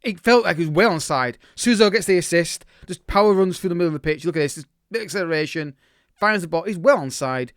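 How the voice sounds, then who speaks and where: A man's voice: high-pitched, quick pace, dry recording, studio quality. A man casually commentating his own football management game, reacting live and often restarting his sentences. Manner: chatty, reacts live to the match, many restarts. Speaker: gaming YouTuber.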